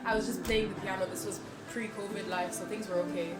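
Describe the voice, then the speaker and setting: A woman's voice: medium pitch, steady tone, fast. A nineteen-year-old woman, telling stories in a candid, casual conversation full of "like". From born in Germany, grew up in Ireland. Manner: casual, lots of "like" fillers, storytelling. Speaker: documentary subject. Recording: roomy, loud music underneath.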